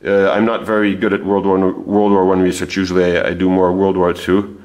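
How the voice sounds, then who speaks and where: In a loose, thinking-aloud way, the host of a history channel explains what his research turned up, frequently breaking off and starting sentences again. He speaks fairly quickly in a low, darkish voice with a level tone.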